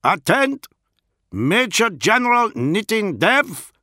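A man's voice: high voice, sing-song, takes it slowly, sharp tone, no echo, clean studio sound, pitched above the performer's own voice, full character voice. A man voicing a stern male guard who calls out names in a thick accent, in an audiobook. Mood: proclaiming. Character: stern male guard herald, loud and formal.

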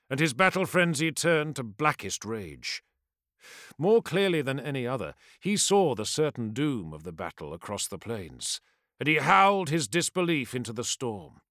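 A man narrates a dark fantasy audiobook in a theatrical, building voice. His pitch swings lively and his tone is bright and forceful. The sound is close and dry. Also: dry recording. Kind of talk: scripted dramatic fantasy narration.

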